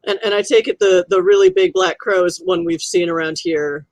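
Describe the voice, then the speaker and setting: A woman's voice: fairly low pitch, fairly even intonation, normal speed, darkish tone, dry recording. A woman playing a tabletop role-playing game, asking questions in an inquisitive way and often restarting her words.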